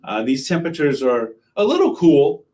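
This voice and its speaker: A man's voice: a little high, wildly swooping pitch, moderate pace, dark tone. A man, a TV meteorologist giving a casual live weather update, chatting and joking with viewers and greeting them by name. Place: TV station weather set.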